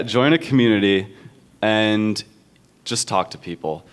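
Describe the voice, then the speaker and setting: A young man giving casual advice on a convention panel, relaxed and chatty with frequent fillers. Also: low voice, clean tone.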